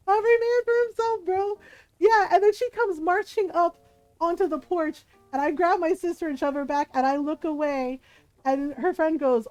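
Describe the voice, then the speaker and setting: A woman's voice: high-pitched, normal speed, a little mellow, dry recording, soft background music, rough recording. A woman streamer telling a family story in casual chat, laughing often and acting out the people she quotes.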